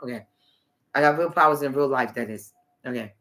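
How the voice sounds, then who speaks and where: A man's voice: mid-range voice, brisk, sharp tone. A man hosting a live video stream, talking in a rambling, repetitive way and often trailing off mid-sentence. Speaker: livestream host. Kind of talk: rambling livestream monologue.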